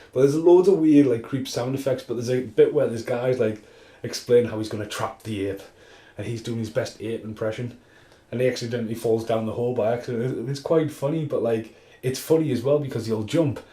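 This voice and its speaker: A man's voice: medium pitch, fast talker, dark tone. A man rambling casually through a film review vlog, swearing a lot and laughing at the films.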